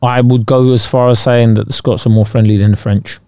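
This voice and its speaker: A man's voice: mid-range voice, fairly even intonation, fairly quick, warm tone, smooth, no room sound. A man hosting a podcast, reading out facts and chatting casually. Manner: chatty, sweary, reads out facts. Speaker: podcast co-host. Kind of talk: casual chat.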